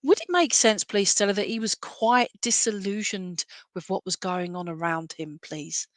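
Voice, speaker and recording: Woman medium, mid pitch, chatty and reassuring, dry close mic. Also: normal speed, no echo. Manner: chatty, reassuring, asks if messages make sense. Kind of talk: online clairvoyant reading.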